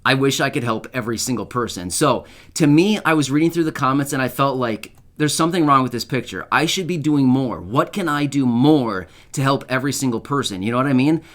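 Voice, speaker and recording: An earnest man speaks straight to his audience in a casual, heartfelt way. His voice sits in a middle pitch, and he loops back on his thoughts with plenty of fillers. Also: expressive, a little fast, hardly any pauses, fairly bright tone. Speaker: channel host. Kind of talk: casual to-camera talk.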